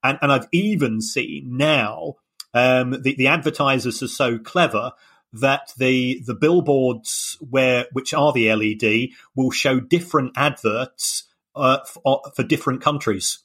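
A man's voice: medium pitch, unhurried, a bit bright. A man co-hosting a podcast, explaining with many hesitations and restarts. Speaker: podcast co-host. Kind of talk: casual chat.

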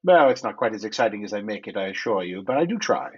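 A man doing a gentlemanly big-game hunter in a tabletop game, courteous and rambling, tripping over his words. The voice is husky and the recording is dull and lo-fi. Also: on the low side, sing-song, fast talker. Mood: courtly. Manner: courteous, rambling, hesitant with repeats. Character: genteel older male big-game hunter. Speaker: player. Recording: dull lo-fi mic.

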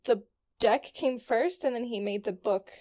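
A woman's voice: fairly high pitch, normal speed, mellow. A young woman co-hosting a casual podcast, reading from her notes with frequent ums and stumbles over hard words. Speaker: podcast co-host.

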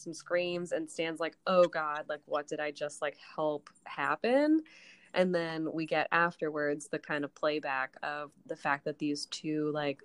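A woman chatting on a podcast in a loose, rambling recap, peppering her story with "like" and cheerful swearing. Her voice sits a little low and is caught close and dry, with no room sound around it. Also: fairly bright tone, dry recording. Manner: rambling retelling full of "like" and frequent swearing. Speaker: podcast co-host recapping a TV episode. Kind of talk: casual chat.

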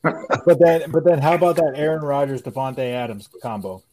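A man's voice: on the high side, expressive, moderate pace, background noise. A man on a podcast, arguing football with enthusiastic, insistent fan talk. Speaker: podcast co-host. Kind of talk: casual chat about football.

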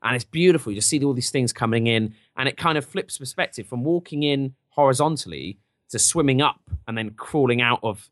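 A man's voice: medium pitch, no room sound, clean studio sound. A man on a podcast, animatedly retelling a film in casual chat and acting out bits of it. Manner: animated storyteller, acting out scenes in quick put-on voices. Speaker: podcast host recapping a film.

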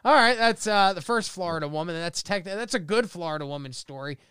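A man's voice: high voice, animated, brisk, a bit bright, clear, resonant tone, dry recording, studio quality. A man hosting a casual comedy podcast, reading out news stories and laughing often. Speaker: podcast host.

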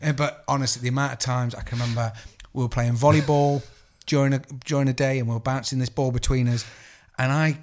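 A man's voice: mid-range voice, fairly even intonation, fast, few pauses. An English man co-hosting a podcast, telling sweary, jokey stories in casual chat and acting out the voices of the people in them. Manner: sweary, jokey storyteller who acts out voices. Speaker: podcast co-host.

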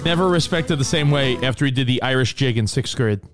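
A man's voice: medium pitch, fairly quick, over music. A man co-hosting a casual talk radio show, telling stories and acting out quotes. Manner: animated storyteller, acts out quotes. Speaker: co-host.

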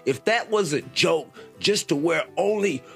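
A man's voice: on the high side, measured pace, vocal fry, soft background music. A man hosting a reaction show, talking in casual, profane, slangy commentary. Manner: animated, slangy, swears freely.

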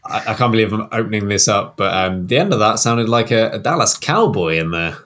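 A young man hosting a casual podcast, easygoing and quick to laugh. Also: lowish voice, animated, a bit bright. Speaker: podcast host.

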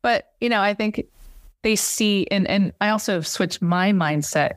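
A woman's voice: medium pitch, measured pace, no room sound, clean studio sound. A woman talking candidly and animatedly as an interview guest, with many fillers and restarts. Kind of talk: casual interview chat.

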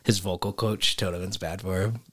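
A man's voice: low voice, brisk. A man in casual chat, retelling a story animatedly with lots of "like" and laughter. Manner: animated storyteller, heavy filler "like", laughs often.

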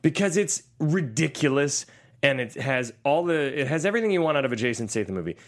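A man co-hosting a podcast, chatting enthusiastically and rambling through a movie review with quick asides. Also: medium pitch, big pitch swings. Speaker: podcast co-host. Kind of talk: casual movie-review chat.

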